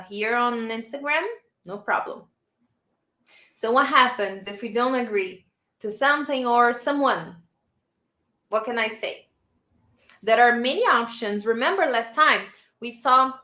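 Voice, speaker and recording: A woman from Brazil with a Brazilian Portuguese accent, teaching a live online English lesson and warmly praising her learners. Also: on the high side, roomy sound. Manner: encouraging, praising learners often.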